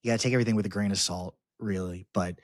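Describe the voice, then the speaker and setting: Male podcast host, low voice, stop-start casual delivery, dry close recording. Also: steady tone, no room sound. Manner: halting, many restarts and fillers. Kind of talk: casual chat.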